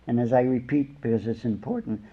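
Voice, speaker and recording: A man's voice: medium pitch, a little fast, slightly rough. An older man, a spiritual teacher, giving an informal sermon with stories, rambling and chuckling through conversational asides. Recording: dull lo-fi lecture recording.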